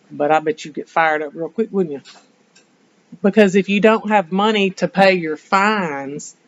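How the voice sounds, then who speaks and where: A woman history teacher giving an animated classroom lecture, firing rhetorical questions at her students, in a dull lo-fi classroom recording. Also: fairly low pitch.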